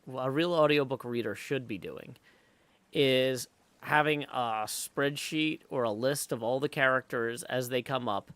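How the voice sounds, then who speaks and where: A man's voice: medium pitch, a bit bright, no echo. A man live streaming while he plays, chatting casually and thinking aloud with lots of fillers, and greeting viewers in the chat.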